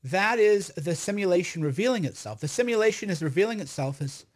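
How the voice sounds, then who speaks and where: Man, high voice, loud, rambling, emphatic, casual storytelling monologue. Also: lively intonation, a little fast. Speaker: online commentator.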